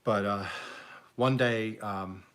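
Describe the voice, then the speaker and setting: A man's voice: on the low side, fairly even intonation, slow pace, fairly bright tone. A man hosting a live stream, casually telling jokes as a rambling, chuckling storyteller. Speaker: livestream host.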